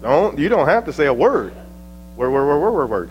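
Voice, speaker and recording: A man preaching a sermon in a high, lively voice that swings from soaring questions to quiet, low asides. A faint electrical hum runs underneath the recording. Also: normal speed, faint music behind. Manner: preaching with rising emphatic questions and sudden soft drops.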